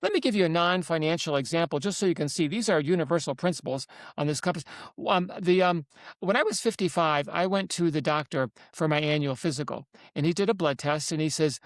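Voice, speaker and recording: A man in his seventies, a guest author telling stories in an interview, animated and emphatic, often repeating himself. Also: a little high, brisk, no echo, clean studio sound. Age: 70s. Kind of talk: interview storytelling.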